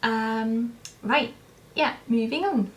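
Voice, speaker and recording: Speaking slowly in a slightly high voice, a young woman vlogger answers viewer questions in a casual, rambling chat to camera. She hesitates and restarts a lot, and a faint hiss or hum sits under the recording.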